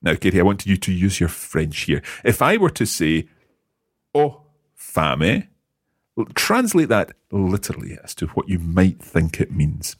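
A male teacher with a low, slightly husky voice that rises and falls with lively pitch as he leads a lesson. He questions his students patiently and praises them often. The sound is close and dry. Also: unhurried, no room sound. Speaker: language teacher. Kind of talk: guiding a language lesson.

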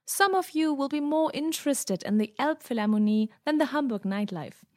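A woman's voice: sits high, lively intonation, moderate pace, a little mellow, no room sound, studio quality. A woman, the show's cultural correspondent, reading a cheerful scripted travel segment in a language lesson.

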